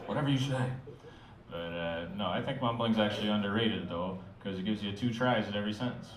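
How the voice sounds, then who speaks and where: A man's voice: fairly low pitch, a bit bright, far from the mic. Mumbling man doing stand-up in a roomy club. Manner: mumbling, offhand delivery with filler pauses. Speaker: stand-up comedian. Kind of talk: stand-up set. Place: comedy club stage.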